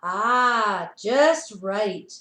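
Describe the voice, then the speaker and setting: A woman's voice: medium pitch, lively intonation, very slow, pushed and bright, echoey room, exaggerated voice. A woman voicing a self-assured woman doctor in a storybook reading, offhand and confident. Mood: breezy.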